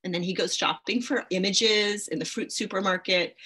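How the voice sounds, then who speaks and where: A woman's voice: mid-range voice, steady tone, normal speed, hardly any pauses, pushed and bright, husky. A middle-aged woman teaching a poetry masterclass, enthusiastic and reading poems aloud with expression. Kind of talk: masterclass lecture with poem readings.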